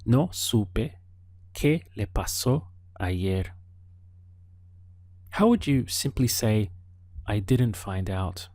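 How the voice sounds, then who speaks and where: A man leads an audio language lesson at an unhurried, careful pace, giving the listener room to answer. His voice sits a little low. The recording is close and dry, with no room sound. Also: lively intonation, a little mellow, no echo. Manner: slow, patient prompting with pauses for the learner. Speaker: language teacher.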